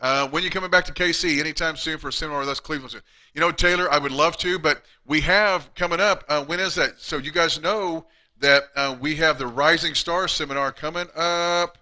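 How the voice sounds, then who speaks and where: Middle-aged man, very bright voice, fairly high, blunt and chatty, live Q&A host. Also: steady tone, brisk. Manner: blunt, chatty, reads out viewer questions. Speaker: chiropractor hosting a live Q&A. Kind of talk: casual live-stream Q&A.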